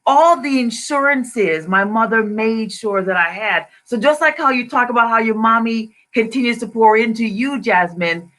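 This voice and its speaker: A woman's voice: a little high, moderate pace, few pauses, a bit bright. A woman with a Jamaican accent, a financial advisor, sharing a personal testimony on a video call and repeating her key phrases for emphasis.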